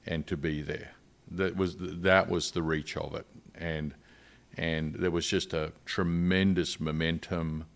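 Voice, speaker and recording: A man's voice: a bass voice, little pitch movement, unhurried, vocal fry. An older man with an Australian accent, a missionary guest telling his story earnestly in a podcast interview.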